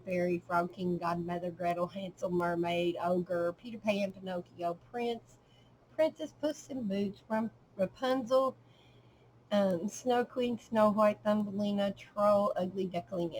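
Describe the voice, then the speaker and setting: Soft-spoken middle-aged woman, casual. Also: mid-range voice, slight background noise, low-quality recording. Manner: unhurried, with frequent ums and trailing pauses. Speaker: crafter showing a handmade journal. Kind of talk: casual show-and-tell narration.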